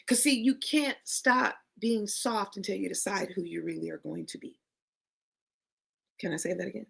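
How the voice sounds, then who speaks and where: Emphatic, gravelly motivational woman. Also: mid-range voice, animated, moderate pace, fairly bright tone. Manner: emphatic, preachy, calls the audience y'all and honey. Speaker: motivational speaker. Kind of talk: motivational talk to camera.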